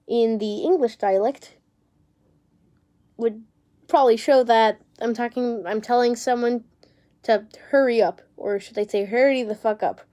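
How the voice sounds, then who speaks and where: A woman's voice: on the high side, mellow. A woman casually talking to camera, rambling through phrases of an invented language with restarts and the odd swear word.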